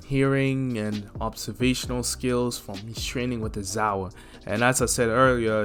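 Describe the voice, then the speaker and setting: A young man spinning a fan-made what-if story, loose and rambling, tossing in fillers as he goes. His pitch sits in a middling range. Soft lofi music runs faintly in the background. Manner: rambling, filler-heavy, relaxed. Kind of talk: casual fan-story narration.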